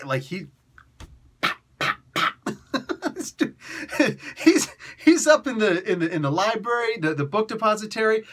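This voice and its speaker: Excitable high-voiced man reviewing comics. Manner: excitable, laughing, slangy, does quick voices. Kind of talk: animated comic review rant.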